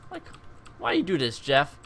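A young man giving joking, excitable commentary over his own gameplay as a video host. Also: a little high, moderate pace. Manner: animated, joking, exclaims at the game.

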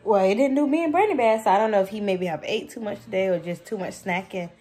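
A woman, chatting casually to viewers in a home vlog, telling stories in an animated way and calling them y'all. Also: mid-range voice, quick pace, faint music behind. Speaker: vlogger, mother of two.

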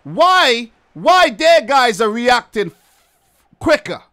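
A man's voice: very high voice, sing-song, slow, bright, forceful tone. A man giving exasperated, repetitive live commentary while playing a football video game. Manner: exasperated ranting, repeats phrases. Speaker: gaming video creator.

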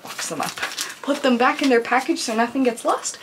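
A young woman with a slightly high voice talks casually to camera while opening mail from her viewers. She gushes and exclaims over each item and often breaks off and restarts her sentences, with a faint hiss of noise under the recording. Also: a little fast. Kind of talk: casual unboxing chat to camera.

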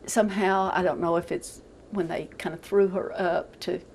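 An older woman speaks in a gravelly, creaky voice, recounting events haltingly with repeated words. She is being interviewed for the news. A faint hiss of noise sits underneath her. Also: fairly low pitch, fairly even intonation, darkish tone, rough recording.

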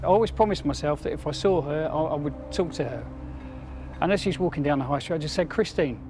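A man in his forties telling an emotional story, speaking fast and stammering a little. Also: fairly high pitch, background noise. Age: 40s. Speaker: childhood friend. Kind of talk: interview.

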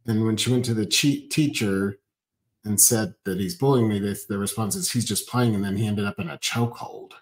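A man co-hosting a casual show, reading viewer comments aloud and joking in an animated way. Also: lowish voice, brisk, low-quality recording. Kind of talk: casual chat.

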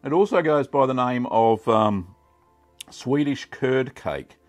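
A middle-aged Australian man hosting a casual cooking vlog, chatty and relaxed with many ums. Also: mid-range voice, takes it slowly, faint music behind. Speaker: cheesemaking channel host.

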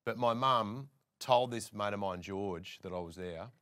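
An Australian presenter, here as a guest, speaks in a lowish voice at a measured pace. He tells casual anecdotes as a lively storyteller, acting out other people's lines as he goes.

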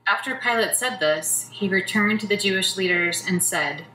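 Bright-voiced woman narrating scripture. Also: medium pitch, moderate pace. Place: church. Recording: roomy church from a distance, faint noise.

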